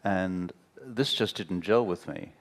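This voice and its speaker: Speaking slowly, a deep-voiced Australian former prime minister who sounds about fifty recounts anecdotes in a candid on-stage interview at a talk venue. He is wry, blunt and animated, mimicking the people in his stories.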